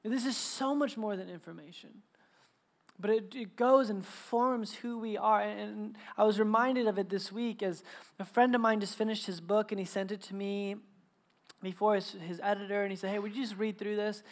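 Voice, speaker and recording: A man's voice: sits high, fairly even intonation, normal speed. A man in his thirties, a pastor preaching a sermon to his congregation, telling family stories in a chatty, joking way with many restarts and laughs. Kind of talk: sermon with personal storytelling. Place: church service before a live congregation.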